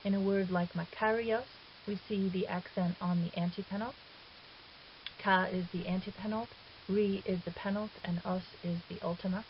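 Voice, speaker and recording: A woman calmly explaining a grammar lesson as a recorded teacher, patient and step by step, now and then correcting herself. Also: medium pitch, normal speed. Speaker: Greek teacher. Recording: dull hissy lo-fi 2009 recording.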